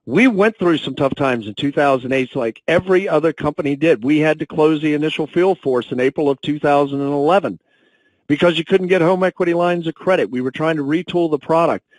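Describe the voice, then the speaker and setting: A man's voice: a little high, dry recording, poor audio. Dry-sounding man telling motivational stories. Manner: emotional, storytelling, slows down when moved. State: choked up. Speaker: national sales and training director. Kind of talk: motivational corporate talk. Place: conference call.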